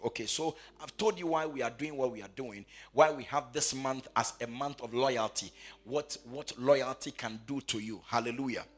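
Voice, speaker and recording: A man preaching a sermon who repeats his phrases and swings from quiet asides to shouted, sing-song proclamation. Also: mid-range voice.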